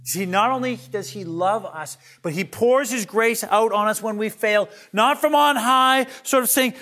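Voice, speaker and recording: A male pastor preaching a sermon in an earnest way, often repeating words as he builds each point and moving between loud emphasis and soft, hushed lines. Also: high-pitched, moderate pace, hardly any pauses.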